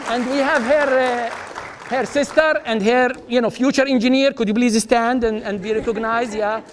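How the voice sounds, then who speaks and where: High-voiced man hosting an awards ceremony. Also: fairly even intonation, moderate pace, background noise. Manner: upbeat, leads applause, names honorees. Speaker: dean presenting awards. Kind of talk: ceremony speech. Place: large auditorium. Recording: reverberant auditorium with audience.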